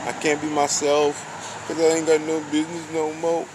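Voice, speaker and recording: A man talks in a loose, slangy way, preaching and piling up rhetorical questions. His voice sits a little higher than most men's. Passing cars and a steady street hum fill the noisy outdoor recording. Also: moderate pace. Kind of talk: casual street monologue.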